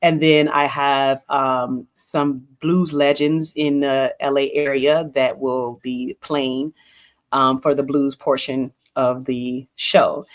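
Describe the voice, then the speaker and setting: A woman guest in a casual radio interview. She talks through her plans in a measured way, pausing with fillers, and sometimes turns emphatic. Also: very deep voice, steady tone. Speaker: guest, event producer.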